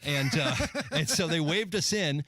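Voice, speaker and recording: A man's voice: fairly high pitch, animated, measured pace, bright, forceful tone, no room sound. A man guest co-hosting a radio talk show, telling anecdotes in casual chat and laughing between lines. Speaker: guest co-host. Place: radio studio.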